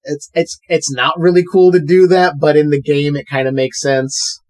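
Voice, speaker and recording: A man's voice: on the high side, little pitch movement, moderate pace, darkish tone. A man hosting a podcast, chatting casually and rattling off plugs and promos. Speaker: podcast host.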